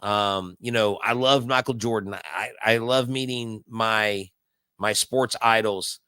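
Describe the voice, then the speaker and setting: A man's voice: lowish voice, fairly even intonation, takes it slowly, pushed and bright, smooth, dry recording. A man hosting a casual live baseball watch-along, telling stories in a rambling way full of fillers and restarts. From Houston area. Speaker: live stream host.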